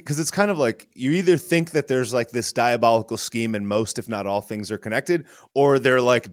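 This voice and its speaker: A man, a guest on a casual talk show, reasons out loud in a speculative way, often checking in with "right?". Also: fairly low pitch, no echo, clean studio sound. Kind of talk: casual political discussion.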